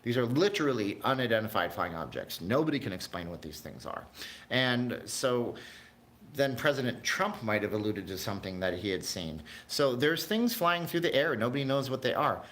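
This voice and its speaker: A man's voice: mid-range voice, expressive, moderate pace, fairly bright tone. A man hosting a casual livestream, chatting in a rambling way, jumping between tangents and talking to his live chat viewers. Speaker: livestream host.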